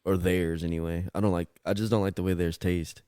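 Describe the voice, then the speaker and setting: A man's voice: deep voice, little pitch movement, a little fast, mellow, clean tone, dry recording, studio quality. A young man co-hosting a podcast, speaking casually and hesitantly, often laughing along. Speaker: podcast co-host. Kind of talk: casual chat.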